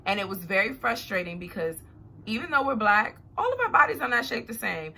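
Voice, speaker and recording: A young adult woman vlogger talking casually to her viewers, chatty and animated. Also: medium pitch, a little fast. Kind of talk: casual talk to camera.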